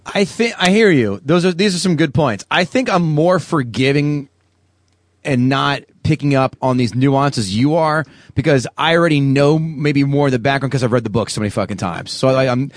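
A man's voice: mid-range voice, normal speed, no room sound. Easygoing male podcast co-host, conciliatory, casual swearer, dry close sound. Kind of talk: casual movie-review chat.

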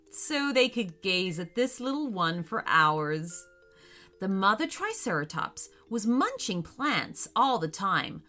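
A woman narrating a children's story in a slow, expressive way. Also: mid-range voice.

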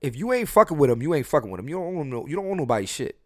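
A man hosting a podcast, telling his dating stories in a casual, profane way and swinging between loud and soft. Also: fairly high pitch, big pitch swings, racing, no echo, studio quality. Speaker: podcast host. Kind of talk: casual storytelling chat.

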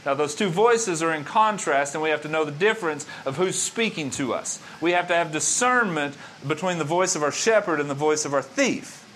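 A man's voice: fairly high pitch, lively intonation, a little fast, hardly any pauses, a bit bright, a little hiss or hum. A male pastor delivering a sermon with an emphatic, repetitive preaching cadence. His voice sits a little above the usual male range. He builds his points through rhythmic repetition.

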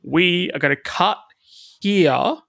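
A man's voice: sits high, expressive, takes it slowly, creaky, sharp tone. A young man co-hosting a podcast in casual chat, teasing and joking with his co-host.

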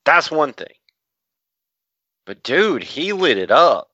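A man co-hosting a podcast in casual chat, grumpy and deadpan, swearing freely, on a dull lo-fi mic. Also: on the high side, takes it slowly, husky, no room sound. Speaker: podcast co-host.

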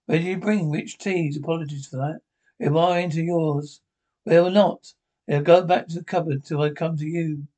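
A man acting out a cantankerous old Scottish pensioner in a TV sitcom, trading gruff, sardonic jabs. His voice sits a touch high for a man, and the delivery is dry and bickering. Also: fairly even intonation, moderate pace, mellow, natural voice. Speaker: sitcom actor. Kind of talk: TV sitcom dialogue.

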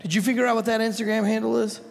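A man hosting a casual podcast chat, loud and teasing, swearing freely. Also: high voice, steady tone, very fast, creaky. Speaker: podcast host. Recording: long room reverb.

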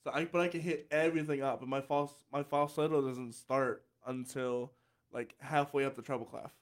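A man's voice: medium pitch, fairly even intonation, normal speed. A man with a light tenor voice hosting a podcast, chatting casually, often restarting his sentences and laughing easily. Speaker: podcast host. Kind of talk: casual chat.

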